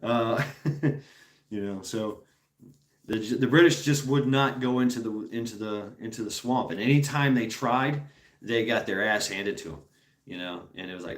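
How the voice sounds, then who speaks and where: A man's voice: fairly low pitch, normal speed, echoey room. A man hosting a stream, talking casually with viewers in a rambling, profane way and laughing often. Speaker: streamer host.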